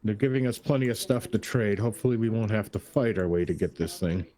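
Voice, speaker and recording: A man with a low, mellow voice plays his character in a tabletop game. He talks in an earnest, measured way. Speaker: player.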